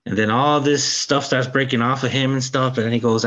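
A man co-hosting a casual podcast, excitedly recounting a film's plot and acting out the characters' lines. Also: mid-range voice, normal speed. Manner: animated retelling, acts out character lines. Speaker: podcast co-host. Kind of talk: casual film review chat.

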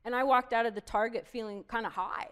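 A woman's voice: fairly high pitch, fairly even intonation, fast, a bit bright, smooth. A woman in a casual chat, openly telling her own recovery moments with small laughs at herself. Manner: candid, self-deprecating, thinks aloud.

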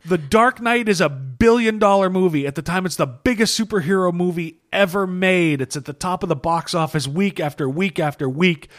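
A man's voice: high-pitched, normal speed, hardly any pauses. Tired, rambling man on a podcast. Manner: rambling, profane, laughs often. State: tired after a long session. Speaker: podcast co-host. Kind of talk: casual comic book podcast chat.

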